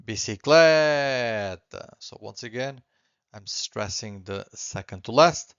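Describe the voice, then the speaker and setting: A man teaching a beginner language lesson, patiently repeating words slowly and clearly. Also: fairly low pitch, fairly bright tone, dry recording, dull audio.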